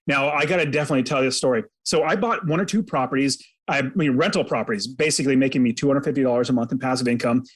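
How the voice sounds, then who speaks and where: A man's voice: mid-range voice, racing, hardly any pauses, breathy edge. A man telling a personal story as a podcast guest, earnest and dramatic, recounting it vividly in the present tense. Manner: earnest, faith-inflected. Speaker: podcast guest, real estate investor.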